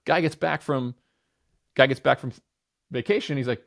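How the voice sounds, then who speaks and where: A man's voice: fairly high pitch, lively intonation, fairly quick. A man in his thirties, a podcast guest in casual conversation, who talks with energy and emphasis, often repeating phrases, restarting his sentences and swearing casually. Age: 30s.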